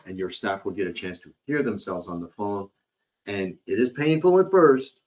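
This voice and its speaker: Low-voiced man giving a hospitality training webcast. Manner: demonstrates phrasings by acting out tones of voice. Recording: dull lo-fi webcast audio.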